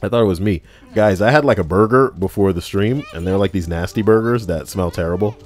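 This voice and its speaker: A man's voice: low voice, a little fast, darkish tone. A man hosting a casual podcast while gaming, rambling and swearing freely as he reads chat aloud. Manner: rambling, profane, many fillers. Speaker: podcast host and streamer.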